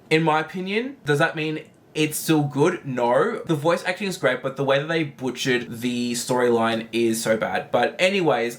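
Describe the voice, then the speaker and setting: A man giving casual commentary while ranking animated shorts, rambling with lots of fillers and casual swearing. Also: mid-range voice. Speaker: video creator ranking animations.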